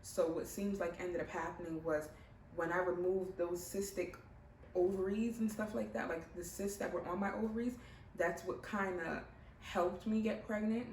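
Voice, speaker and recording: A young pregnant woman shares her own story casually, speaking a little low. Her voice carries a roomy echo from a mic set some way back, with faint ambience behind. She is animated and now and then acts out other people's lines. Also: recorded from a distance, slight background noise. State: heavily pregnant. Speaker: vlogger.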